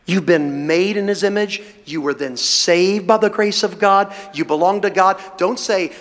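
High-voiced fervent preacher man, reverberant hall. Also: normal speed, few pauses, fairly bright tone. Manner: fervent, emphatic preaching with rising bursts. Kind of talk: sermon.

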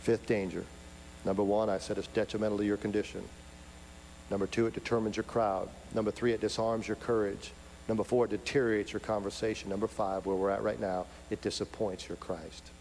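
A man preaching a sermon, swinging from loud, emphatic peaks to soft, intimate asides. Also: on the low side, level tone, fairly quick. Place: large church sanctuary. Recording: hall reverb, faint hum.

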